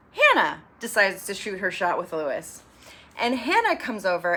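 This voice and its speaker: A woman's voice: medium pitch, bright, forceful tone. A woman casually recapping a reality dating show, playful and sarcastic, acting out the cast's quotes.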